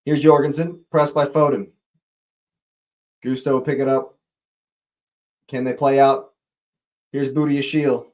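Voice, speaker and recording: Hosting a live watch-along, this man gives fan play-by-play and chats with viewers, greeting them as he goes. His medium-pitched voice is a little slow with frequent pauses, and it leaps up with excitement whenever a chance comes close.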